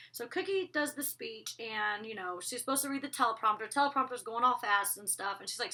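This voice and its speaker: A young woman with a bright, forceful voice pitched a little high chats through a TV episode recap. She gushes and jumps between her own commentary and quick put-on lines for each character. The tone is casual and lively. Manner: gushing, chatty, acts out characters' lines with voices.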